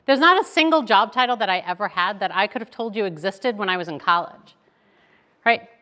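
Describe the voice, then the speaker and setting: A woman, giving a keynote talk as lively conversational storytelling that keeps checking in with "right?". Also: medium pitch, a little fast. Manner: chatty, animated, tags lines with "right?". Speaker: keynote speaker.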